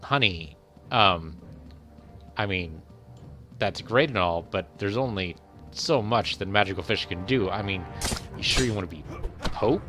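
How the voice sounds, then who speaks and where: A man's voice: low-pitched, expressive, unhurried, pauses often, sharp tone, soft background music, exaggerated voice. A man voicing a meek old fisherman who speaks hesitantly and apologetically.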